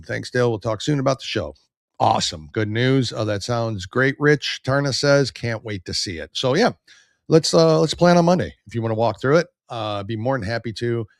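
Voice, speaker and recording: A man's voice: lowish voice, lively intonation, normal speed, creaky, no echo, studio quality. A man hosting a podcast, giving blunt, opinionated political commentary and reading viewer comments aloud. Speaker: podcast host.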